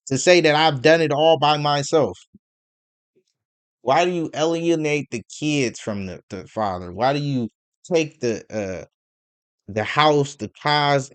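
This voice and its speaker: A man's voice: mid-range voice, no room sound. A man giving casual ranting commentary, profane and rambling, piling up rhetorical questions between stammered fillers. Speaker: commentary vlogger.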